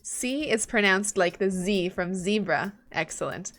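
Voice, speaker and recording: A woman talks slowly and casually through her study notes during a live stream. She thinks aloud and mutters the odd curse when something won't stick. Soft music plays faintly behind her. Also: mid-range voice. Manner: chatty, thinks aloud, swears when frustrated. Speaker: live streamer learning German.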